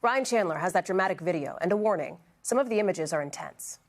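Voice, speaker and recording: A woman's voice: fairly low pitch, expressive, quick pace. A woman anchoring a national evening newscast in a polished, scripted delivery. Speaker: news anchor.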